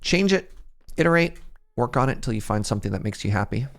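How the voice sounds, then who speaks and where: A man's voice: fairly low pitch, lively intonation, very fast, gravelly. A young man from Canada streaming a building game, chatting casually with viewers, thinking aloud and poking fun at himself. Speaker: Minecraft streamer. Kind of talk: casual gameplay chat with chat.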